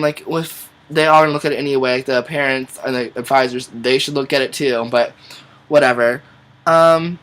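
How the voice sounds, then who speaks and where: Chatty, excitable young man vlogging. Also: fairly high pitch. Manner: excitable, chatty, swears casually, filler-heavy. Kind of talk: casual TV recap vlog.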